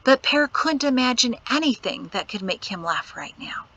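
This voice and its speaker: A woman reads an audiobook aloud with a clear, bright tone that sits a little high. Her delivery is measured and expressive, and the close studio recording has almost no room sound. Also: no room sound, highs cut off. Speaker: audiobook narrator. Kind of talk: scripted narration.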